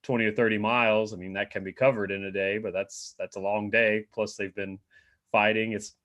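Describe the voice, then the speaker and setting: A man's voice: on the low side, level tone, brisk, a bit bright. A man co-hosting a Bible study show, discussing a passage in a hesitant, casual way with many fillers. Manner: hesitant, trailing off, frequent fillers.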